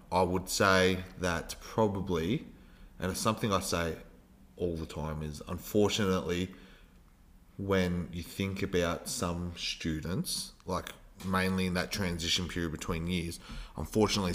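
A man with a very deep voice hosts a casual podcast. He talks in a loose, rambling way and often stops to hunt for the right word. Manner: relaxed, rambling, searches for words. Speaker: podcast host, teacher.

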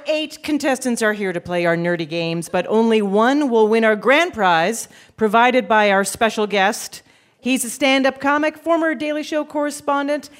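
Upbeat woman hosting a live quiz. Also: fairly high pitch. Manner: upbeat, joking, quick to banter. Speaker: quiz show host. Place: stage before a live audience.

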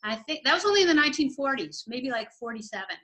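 A woman's voice: high voice, very animated, fast, fairly bright tone. A Canadian woman with a Canadian accent, chatting casually and correcting herself as she goes. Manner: chatty, self-correcting, laughs easily. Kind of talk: casual chat.

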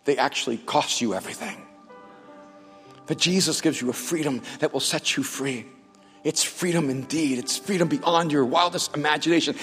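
A man preaching a sermon, telling stories with acted-out dialogue and building to loud, fervent passages. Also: fairly high pitch. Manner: storytelling with acted-out dialogue, rising to shouts. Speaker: pastor. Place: large church hall. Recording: long hall reverb.

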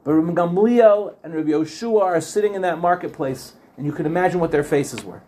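High-voiced man giving a Torah class. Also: a little fast, warm tone. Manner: storytelling, earnest, repeats phrases for emphasis. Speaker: Torah teacher.

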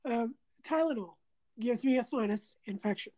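A middle-aged woman chatting casually, her voice a touch high yet warm and soft-edged. She tells her story with animated quotes and frequent laughter. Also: normal speed, rough recording. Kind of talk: casual chat.

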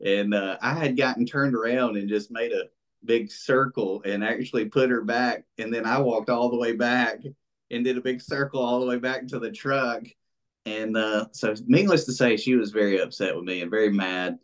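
A man's voice: mid-range voice, moderate pace. A man telling a hunting story in a casual interview, rambling with lots of fillers and acting out what people said. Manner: rambling and animated, many fillers, acts out quoted speech. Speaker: interview guest, bow hunter.

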